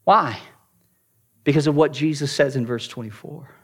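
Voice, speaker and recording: A man delivers a sermon in a slightly high voice, telling a story as a pastor. He moves from loud, emphatic lines to quiet, hushed ones, and often restarts a phrase on its first word. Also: moderate pace, long pauses, husky. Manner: repeats words at starts of phrases.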